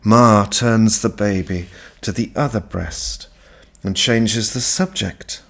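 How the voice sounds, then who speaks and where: A man narrating a literary audiobook in a measured, unhurried way. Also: on the low side, vocal fry, fairly bright tone.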